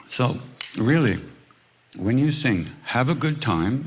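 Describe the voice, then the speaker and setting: A man's voice: medium pitch, animated, measured pace, a little hiss or hum. A man teaching at a live retreat workshop, telling stories in a wry, conversational way and acting out the people in them. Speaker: spiritual teacher leading a workshop. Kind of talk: informal teaching talk with storytelling.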